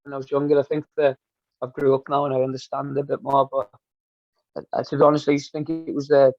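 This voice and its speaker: Glaswegian coach guest, gravelly, earnest, dull dry lo-fi recording. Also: male voice, medium pitch, flat delivery, quick pace, dry recording. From Scotland. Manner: earnest, heartfelt. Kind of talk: casual interview chat.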